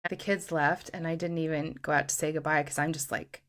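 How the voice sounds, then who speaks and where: A woman with a slightly low voice tells her own story on a podcast. She talks candidly and with emphasis, reading her old diary entries aloud. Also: fairly even intonation, a little fast, fairly bright tone. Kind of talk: casual storytelling chat.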